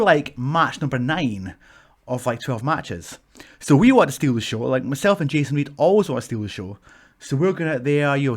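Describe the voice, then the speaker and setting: A Scottish man, a pro wrestler in his thirties, casually telling stories to camera, animated and swearing freely. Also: medium pitch. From Scotland. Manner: animated, swears freely, acts out shouts from the ring.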